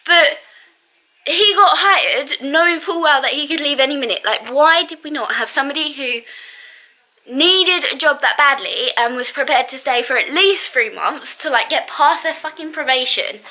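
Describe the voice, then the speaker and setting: A woman chats to camera and vents about her day, with plenty of fillers and bursts of laughter. Her voice sits high and has a bright, sharp edge. She sounds exasperated and talkative throughout. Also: normal speed. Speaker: vlogger. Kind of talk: casual storytelling to camera.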